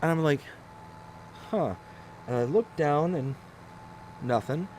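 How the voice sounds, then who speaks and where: A man in his thirties telling stories on a casual live game stream, animated and self-mocking. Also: on the high side, normal speed, slight background noise.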